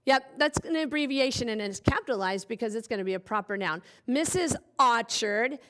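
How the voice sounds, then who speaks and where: A woman's voice: a little high, animated, fairly quick, fairly bright tone. A woman teaching young children a phonics lesson, cheerfully spelling out letters one by one. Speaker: kindergarten teacher.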